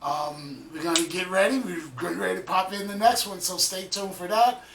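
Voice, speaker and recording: A man's voice: high-pitched, fairly quick, vocal fry, far from the mic, background noise. A man hosting a reaction video, chatting casually about the clip he just watched. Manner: relaxed, chatty, repeats himself. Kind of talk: casual commentary. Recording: echoey room, off-mic.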